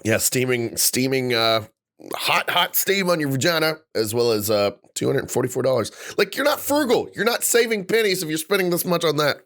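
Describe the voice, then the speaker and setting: A man's voice: on the high side, sing-song, normal speed, fairly bright tone. A man co-hosting a casual comedy podcast, reading out product blurbs with mock outrage and jokes. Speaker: podcast co-host.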